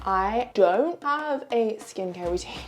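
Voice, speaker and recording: Over music, a British vlogger in her twenties talks slowly in a medium-pitched voice with lively intonation. Low on sleep, she's casual, chatty, and self-mocking in front of the camera, shifting between topics.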